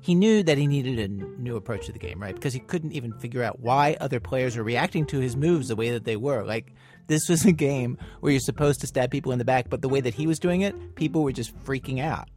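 A man with a mid-pitched voice tells a story for a radio show in a dry, playful tone. He mixes scripted narration with casual questions and quips. Soft music plays faintly underneath. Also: animated, fairly quick. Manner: wry, conversational narration with playful asides.

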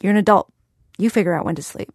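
A woman's voice: medium pitch, quick pace, dry recording. Dry, conversational woman narrator. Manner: clear, conversational storytelling. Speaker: host and reporter. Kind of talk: scripted narration. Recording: dry studio sound.

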